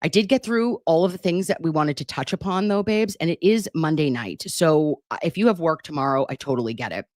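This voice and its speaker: A woman's voice: deep voice, lively intonation, a little fast, few pauses, a little mellow, no echo, studio quality. A middle-aged woman hosting a casual livestream, chatting affectionately and reading out viewer comments at her desktop computer. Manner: chatty, affectionate, self-deprecating. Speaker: livestream host. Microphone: computer mic at a desktop.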